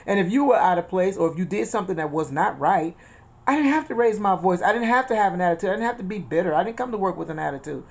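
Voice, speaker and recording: Gravelly woman giving chatty spiritual talk. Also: medium pitch, animated, fast talker. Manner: chatty, repeats phrases, quotes scripture and retells conversations. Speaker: inspirational channel host. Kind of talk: casual spiritual talk with storytelling.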